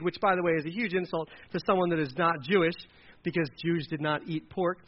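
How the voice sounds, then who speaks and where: A man in his forties preaching a sermon as pastor, retelling the story in a joking, animated way. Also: on the high side, quick pace, dull audio, a little hiss or hum.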